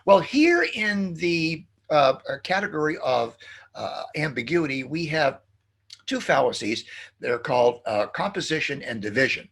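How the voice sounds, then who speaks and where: A middle-aged man giving a philosophy lecture, animated and full of fillers and restarts. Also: on the high side, measured pace, gravelly, husky. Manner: acts out quoted jokes in a playful sing-song. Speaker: philosophy professor. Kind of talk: recorded lecture.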